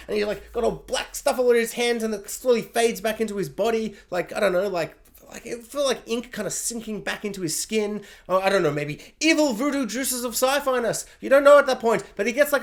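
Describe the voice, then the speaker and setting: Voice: medium pitch, animated, fast. A TV reviewer rambling through a casual spoiler recap, full of fillers and acted-out quotes. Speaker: TV show reviewer.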